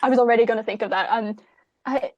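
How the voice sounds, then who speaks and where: A woman playing a tabletop game, speaking hesitantly and halting often. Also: fairly high pitch, steady tone, no room sound, muffled recording. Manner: hesitant, halting with many ums. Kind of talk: casual tabletop role-play.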